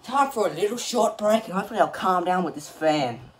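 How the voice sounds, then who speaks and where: A man's voice: high voice, lively intonation, brisk, a little hiss or hum. Exasperated guy muttering at a fan. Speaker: channel host. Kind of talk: casual vlog commentary while smashing a fan. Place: small home studio room. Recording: echoey room, mic far off, loud clattering.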